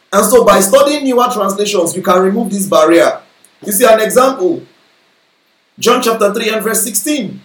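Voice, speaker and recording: Male Bible teacher, high-pitched, sermon delivery, echoey room, frequent check-ins with the audience. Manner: explanatory, checks in with listeners often.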